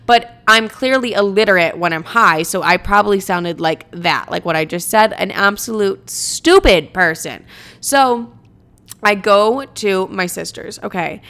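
Smooth-voiced young woman telling a story. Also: mid-range voice. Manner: animated, swearing, self-mocking. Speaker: vlogger. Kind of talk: casual storytime monologue.

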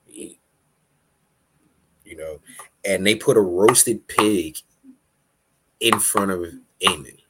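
A man chatting casually as a podcast host, animated and profane, laughing often and acting out quotes. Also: low voice, takes it slowly, long pauses, noisy background. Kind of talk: casual recap chat.

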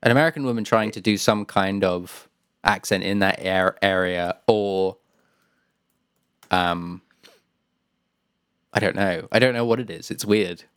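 A man chats loosely about video games as a podcast co-host. His voice sits a little low and sounds close and dry, and he laughs often and trails off into fillers. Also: a little slow, pauses often, fairly bright tone, clean tone, no echo.

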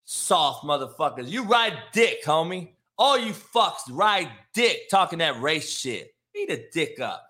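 Bright-voiced man ranting on a live show. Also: on the high side, big pitch swings, unhurried, few pauses. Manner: profane, confrontational ranting at chat; loose, rambling with fillers. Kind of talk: casual live-stream talk.

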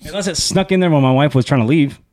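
A man co-hosting a podcast, telling stories in casual chat, profane and animated. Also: on the high side. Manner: fast, profane, animated storytelling. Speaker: podcast co-host.

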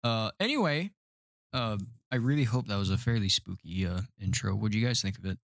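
A man's voice: fairly low pitch, lively intonation, brisk, vocal fry, fairly bright tone, no echo, studio quality. A young man hosting a casual podcast, joking and self-mocking, often tripping over his words. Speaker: podcast host.

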